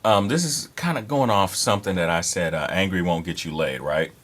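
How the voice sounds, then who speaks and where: A man's voice: sits low, animated, fairly quick, fairly bright tone. A man in his thirties giving dating advice in a casual, rambling monologue, blunt and profane with many fillers and restarts. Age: 30s.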